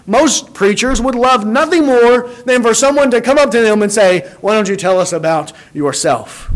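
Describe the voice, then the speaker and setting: Guy preaching a sermon, pretty high voice, gets animated, stumbles and repeats words. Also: normal speed, hardly any pauses. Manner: animated, acts out quoted dialogue, repeats words when starting.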